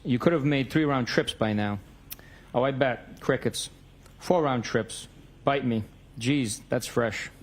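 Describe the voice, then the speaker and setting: A man's voice: mid-range voice, unhurried. Man reading texts aloud in court. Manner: reads both sides of a text exchange, stating dates and times.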